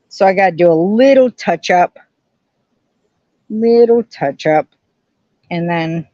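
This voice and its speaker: A woman's voice: lowish voice, a little mellow, no room sound, muffled recording. A woman hosting a casual live stream from home, chatting and greeting viewers by name. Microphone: camera on tripod.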